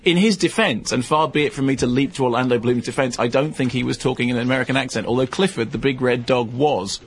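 Fast-talking gravelly radio film critic. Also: male voice, medium pitch. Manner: rambling, self-correcting, animated. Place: radio studio.

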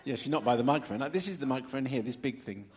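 Male radio host on a live stage, animated swooping delivery, theatrical reader of listener emails. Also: medium pitch, rapid-fire, breathy edge. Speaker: radio presenter. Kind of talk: lively live radio chat before an audience. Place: stage before a live audience.

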